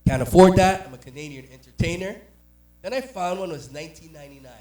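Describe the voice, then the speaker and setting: A man from Jamaica, doing a stand-up comedy set with punchy storytelling and quick character voices. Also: high-pitched, a little mellow. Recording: roomy, distant mic.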